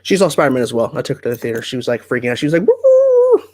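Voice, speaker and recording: Relaxed, chatty man hosting a livestream. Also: mid-range voice, very fast. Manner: relaxed, chatty, reads viewer comments aloud and answers them. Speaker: livestream host. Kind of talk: casual livestream chat answering viewer comments. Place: at home.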